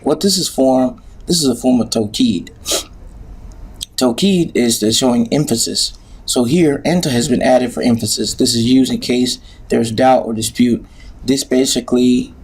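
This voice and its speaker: A man's voice: medium pitch, a little mellow, husky. A man teaching an Arabic grammar lesson, patient and hesitant, with many filler sounds.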